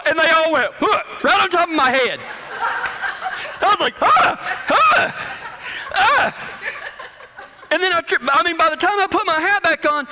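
A man who speaks about cowboys, telling a humorous story in a folksy, animated way with stumbling restarts. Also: high-pitched.

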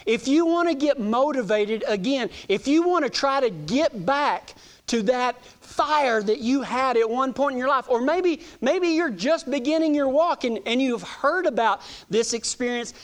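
Folksy preacher, high voice. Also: male voice. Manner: folksy storytelling, repeats words. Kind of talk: sermon.

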